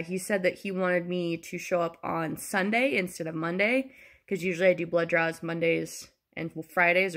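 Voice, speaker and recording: Exasperated young woman with gravelly fry. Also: on the low side, a bit bright. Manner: rambling, exasperated, sarcastic asides. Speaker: vlogger. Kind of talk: casual storytelling vlog.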